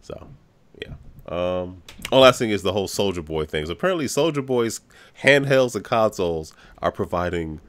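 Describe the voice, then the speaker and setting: A man's voice: sits low, animated, normal speed, fairly bright tone, no echo. A man co-hosting a podcast in casual chat, laid-back and wry, laughing a lot. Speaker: podcast co-host.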